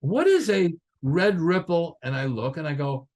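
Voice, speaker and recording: A man's voice: fairly high pitch, normal speed, hardly any pauses. An older man, a guest drummer, telling stories in a casual interview and acting out what others said. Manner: animated, acts out other people's lines in his stories.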